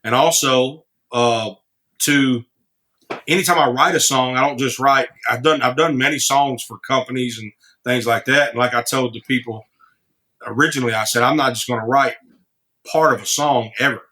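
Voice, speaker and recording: A man's voice: medium pitch, normal speed, sharp tone. A man guesting on a podcast, a singer-songwriter telling rambling stories with many restarts. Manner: rambling, frequent restarts, laughs easily. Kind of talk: casual storytelling.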